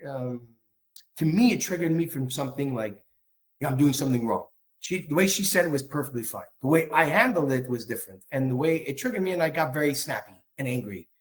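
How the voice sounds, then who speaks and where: Man talking candidly, halting and frank. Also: fairly high pitch, animated, rough recording. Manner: candid, halting, with frequent restarts. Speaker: speaker on marriage. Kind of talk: personal talk.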